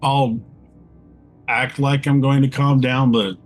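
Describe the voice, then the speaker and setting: A man's voice: mid-range voice, level tone, slow. A man playing a tabletop game, talking hesitantly and thinking aloud about his character's moves, over faint music. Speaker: player.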